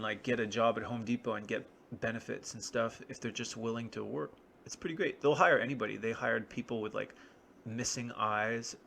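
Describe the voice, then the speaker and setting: A man's voice: mid-range voice, creaky, a bit bright, slight background noise. A man talking in a rambling, wry, self-deprecating solo monologue. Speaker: vlogger.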